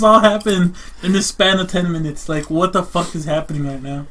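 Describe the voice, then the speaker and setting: A man's voice: fairly high pitch, brisk, hardly any pauses. A young man in casual chat with friends, telling stories and acting out what his friends said. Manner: animated storyteller acting out friends' lines. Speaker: podcast regular.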